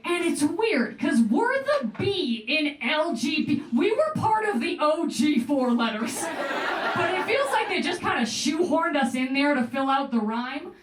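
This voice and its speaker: A young woman performing a stand-up comedy set in a club, with a deadpan delivery and playful asides. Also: high voice, unhurried, noisy background. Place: comedy club stage with live audience. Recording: roomy club sound heard from a distance. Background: audience laughing.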